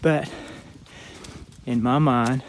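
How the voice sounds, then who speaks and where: A man with a Southern Georgia accent telling a story outdoors as he hikes, in a relaxed, reflective vlog manner. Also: medium pitch, drawn-out words, slight background noise. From southern Georgia, USA. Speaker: thru-hiker vlogger. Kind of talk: casual trail vlog talk. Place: outdoors on a hiking trail.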